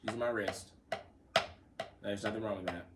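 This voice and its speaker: A man teaches beginner drum rudiments in a relaxed, easygoing way, counting the sticking aloud and repeating himself as he goes. He sits some way back from the microphone. Clear background noise runs under his voice. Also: lowish voice, normal speed, distant mic. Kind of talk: casual spoken lesson with demonstrations.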